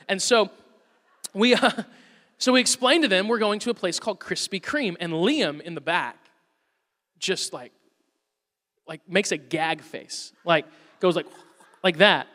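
A man in his thirties preaching a sermon, telling a lively family story and acting out his children's voices. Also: sits high, fairly quick, big-room sound. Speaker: pastor.

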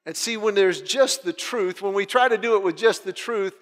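A middle-aged man delivers a sermon from the pulpit, his voice pitched high. He tells family stories and slips into his children's voices, and the sound carries with the long reverb of a large hall. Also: normal speed. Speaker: pastor.

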